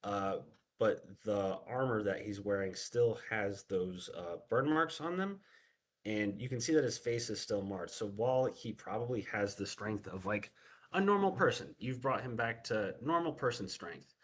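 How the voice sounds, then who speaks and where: Husky-voiced man running a tabletop game. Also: lowish voice, expressive, moderate pace. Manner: casual, many fillers like "like". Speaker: game master.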